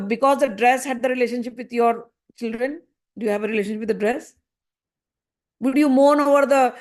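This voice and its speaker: A woman explaining a spiritual text, pressing her listener with repeated rhetorical questions. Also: a little high. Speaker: scripture teacher. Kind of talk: spoken commentary on a spiritual text.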